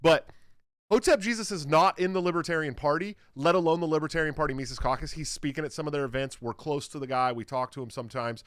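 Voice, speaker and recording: A man's voice: a little high, fast talker, dry recording, studio quality. A young man hosting a podcast, chatting casually and telling stories with plenty of cursing, acting out what other people said. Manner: animated storytelling, acts out others' lines, swears freely. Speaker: podcast host. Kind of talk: casual chat.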